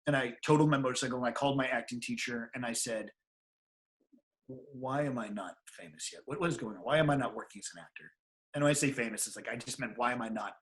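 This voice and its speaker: A middle-aged man, a guest on an interview show, telling a personal story in a casual, animated way and acting out the people he quotes. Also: mid-range voice, fast talker. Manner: animated, acts out quoted voices.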